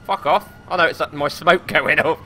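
A young man streaming a game live, commentating excitably with frequent swearing and laughter into a desk or headset microphone. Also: fairly high pitch, moderate pace. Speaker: gaming streamer.

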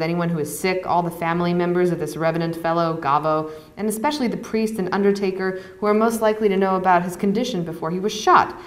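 A woman author reading her novel aloud to an audience at a university, in measured, even first-person narration. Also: fairly low pitch, heavy background noise. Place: university lecture hall. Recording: echoey hall.

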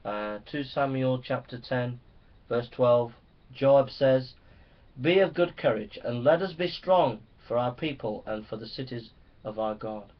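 A man's voice: mid-range voice, a little slow. A man preaching a sermon to pastors, reading scripture and urging them on with fervent, rising exhortation. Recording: dull lo-fi recording.

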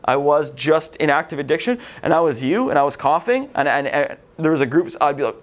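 A man's voice: fairly high pitch, animated, brisk, hardly any pauses. A man lecturing a recovery group in a casual, rambling way, swearing freely and often. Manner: swears a lot, vulgar, rambling.

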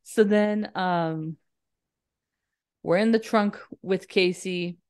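Casual podcast host, female, lowish voice, filler-heavy recap delivery, dry booth sound. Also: takes it slowly, a little mellow, clear, resonant tone, no room sound. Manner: chatty, swearing, lots of "like" fillers.

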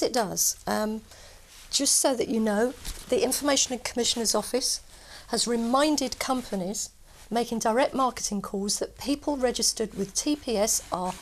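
A woman's voice: a little high, slight background noise. Firm precise woman legal expert. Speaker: lawyer guest. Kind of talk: expert interview answers. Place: TV studio.

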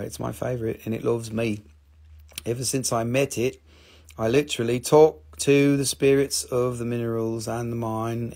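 A middle-aged man hosting a live crystal sale, chatty and playful, showing stones and calling out prices. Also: darkish tone. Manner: playful, chatty, jumps into squeaky high joke voices. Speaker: live-stream crystal seller. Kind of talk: casual live sales chat.

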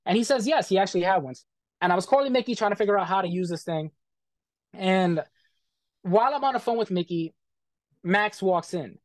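A man's voice: sits high, no room sound, studio quality. A man being interviewed, bluntly retelling a bad experience in casual, profane talk full of quoted back-and-forth.

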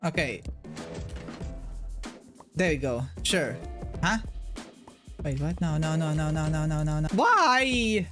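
A man giving playful commentary while he plays, thinking aloud, getting excited and making silly sound effects. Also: a little high, slow, long pauses, music in the background. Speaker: Minecraft video creator.

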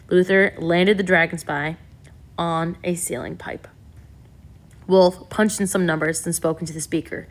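Woman narrator, lower register, calm scripted audiobook reading. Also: measured pace.

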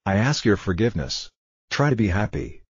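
A man voicing a proud, fragile female flower, reading her lines calmly with little change of voice. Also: on the low side, moderate pace, slightly rough, no room sound, heavily acted. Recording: dull lo-fi dry recording.

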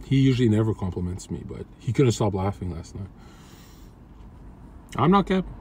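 A man's voice: on the low side, fast talker, warm tone, slight background noise. Brash, crude streamer man. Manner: brash, crude trash-talking. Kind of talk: casual livestream chat. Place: in a car.

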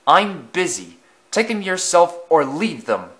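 A man's voice: high-pitched, sing-song, a little slow, fairly bright tone, voice pushed up, heavily acted. A man voicing a small, busy male tank engine in a storybook reading, curt and huffy. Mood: brusque. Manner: brusque, huffy.

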